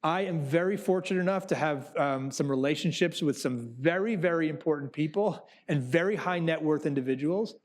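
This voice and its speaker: A man, a theater producer, giving a conversational talk to business students and acting out quotes as he tells anecdotes. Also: on the high side. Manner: animated storyteller who acts out quotes. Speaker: Broadway producer.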